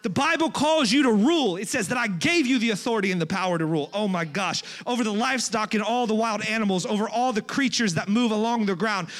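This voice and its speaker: A man preaching a sermon as a guest speaker in a church, joking between passages and building to shouted, rising crescendos. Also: sits high, fast, hardly any pauses.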